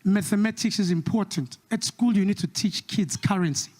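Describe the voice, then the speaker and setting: A South African man doing stand-up comedy with a South African accent, mixing English and Xhosa and slipping into quick impressions. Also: high-pitched. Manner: switches between English and Xhosa, lively impressions.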